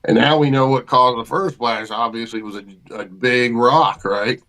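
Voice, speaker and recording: A man's voice: mid-range voice, steady tone, normal speed, sharp tone, poor audio. A man, a podcast guest, telling a story in a casual, folksy way with colloquial grammar and vivid detail.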